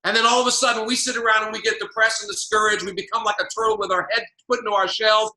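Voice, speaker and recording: A man's voice: sits high, little pitch movement, fast talker, pushed and bright, roomy sound. A man coaching on a call, emphatic and preachy, driving his points home by repeating key lines. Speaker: network marketing coach.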